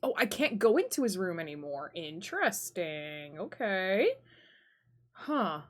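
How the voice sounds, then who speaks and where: Sarcastic woman streamer, lively voice. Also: on the low side, a little slow. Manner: sarcastic, blunt and swearing. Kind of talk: casual gameplay commentary. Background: game music.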